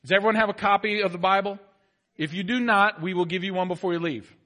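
A male pastor preaching a sermon to his congregation, animated, moving between soft asides and loud, emphatic exhortation. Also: high-pitched, fast talker. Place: church sanctuary.

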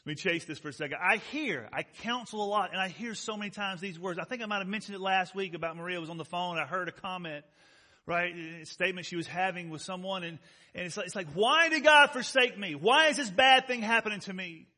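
A male pastor preaching a sermon, emphatic, asking his congregation questions and swinging from loud stressed words to soft, close remarks. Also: high voice, quick pace. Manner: rises loud on key words, drops soft and intimate.

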